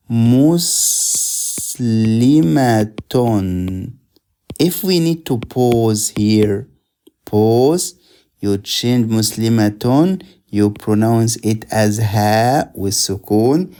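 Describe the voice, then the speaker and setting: Guy teaching in english, real slow, warm mellow voice, says words over and over for drilling. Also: mid-range voice. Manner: patient, repeats words slowly for drilling. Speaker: Arabic teacher. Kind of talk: slow explanatory language lesson.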